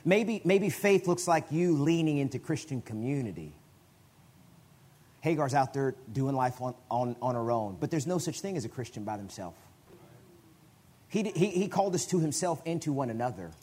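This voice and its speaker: A man preaching a sermon in a conversational way, often restarting his phrases and breaking into sudden loud bursts. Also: mid-range voice, lively intonation, normal speed, breathy edge. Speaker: guest preacher.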